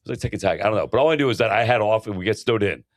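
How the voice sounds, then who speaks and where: A man co-hosting a casual podcast, an animated storyteller who swears a lot and keeps saying bro. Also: lowish voice, racing, no room sound, clean studio sound. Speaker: podcast co-host. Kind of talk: casual chat.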